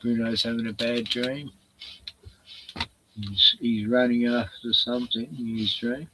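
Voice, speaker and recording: A man's voice: medium pitch, level tone, a little slow, noisy background. A man with an Australian accent, chatting on a live stream in a laid-back, rambling way, swearing and chuckling often. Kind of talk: casual rambling chat.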